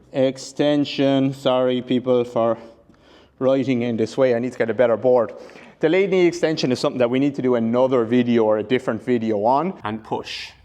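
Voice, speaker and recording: A man's voice: mid-range voice, darkish tone. A male rehab coach giving an instructional demonstration, explaining step by step and correcting himself as he goes. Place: training room with a whiteboard. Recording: long reverb in a large room.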